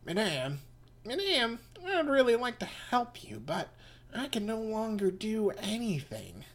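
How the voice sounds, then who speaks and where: A man's voice: high voice, wildly swooping pitch, a little slow, a bit bright, voice pushed up, heavily acted. A man voicing an elderly female psychic in a theatrical witch voice. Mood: ominous.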